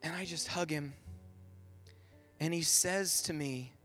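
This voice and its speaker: A man's voice: fairly high pitch, measured pace, long pauses, a bit bright, soft background music. A middle-aged man telling a personal story in a sermon, then leading into prayer, earnest and vivid with lots of "like". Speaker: Catholic speaker.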